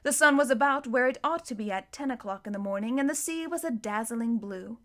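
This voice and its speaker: Woman, fairly high voice, storybook narration, clear, unhurried. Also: a bit bright. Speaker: audiobook reader.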